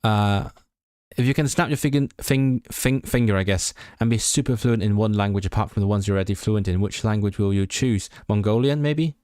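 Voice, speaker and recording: On a livestream, a young language-learning streamer studies out loud, stumbling and correcting himself as he moves between reading and chatty asides. His voice is lowish, a little mellow, clear and resonant, at a moderate pace. The studio-quality recording has no echo.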